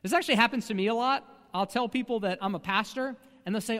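A man's voice: high-pitched, quick pace, few pauses, a bit bright, long reverb tail. A man preaching a sermon as a pastor, talking in a conversational way with frequent rhetorical asides.

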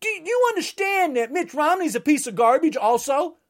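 A woman delivering an angry political rant, at times shouting. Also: high-pitched, big pitch swings, moderate pace.

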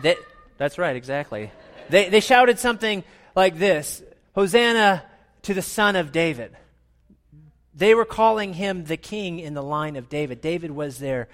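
Animated playful male preacher. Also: a little high. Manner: animated, playful, with audience participation. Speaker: pastor. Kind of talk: sermon.

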